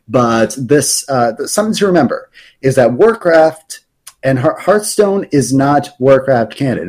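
A man's voice: medium pitch, a little mellow. A man in casual podcast chat, explaining game lore at length with many fillers and restarts.

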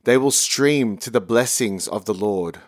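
A man reading a psalm at Mass in a measured, formal recitation. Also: lowish voice, no echo, clean studio sound. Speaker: lector. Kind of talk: liturgical reading.

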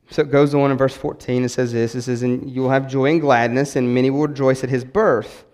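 Animated pastor in a reverberant hall. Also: male voice, mid-range voice, quick pace. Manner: animated, repeats words, acts out quotes. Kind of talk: sermon. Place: church sanctuary.

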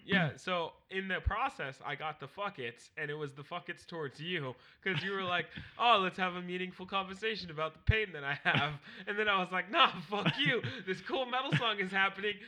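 A young man co-hosting a podcast, telling crude stories loudly with lots of laughing and swearing. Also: sits high, fairly quick, few pauses. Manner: loud, laughing, profane storytelling. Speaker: podcast co-host. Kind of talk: crude casual banter.

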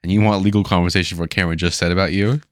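A man's voice: low voice, steady tone, dry recording. A young man co-hosting a podcast in casual chat, teasing his partner and cutting in with jokes. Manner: teasing, interjecting, quick to laugh. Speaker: podcast co-host.

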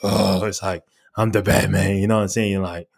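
A young man chatting casually, animated and laughing often as he swaps voices. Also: fairly quick, vocal fry, slightly rough. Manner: animated, laughs often, slips into falsetto impressions. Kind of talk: casual chat.

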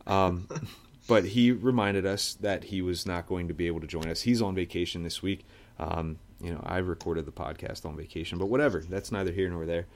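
A man's voice: deep voice, steady tone, brisk, vocal fry, slight background noise. A man hosting a casual sports podcast, joking around with lots of fillers and laughter. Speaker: podcast host.

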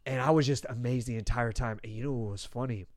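A man's voice: mid-range voice, fast, dry recording, studio quality. A young man hosting a podcast, chatting casually, swearing freely and telling stories with animation. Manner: casual, profane, animated storytelling. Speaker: podcast host. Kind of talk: casual chat.

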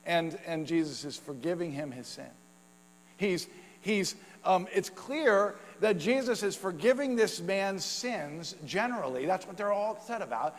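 A male pastor giving a sermon in a relaxed, conversational way, often using fillers and short laughs. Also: high voice, a little slow, big-room sound, low-quality recording.

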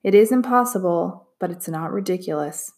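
Storybook father, patient and soft-spoken, calm even tone, read by a woman. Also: medium pitch, moderate pace, lightly acted. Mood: gentle. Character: quiet, gentle, patient father.

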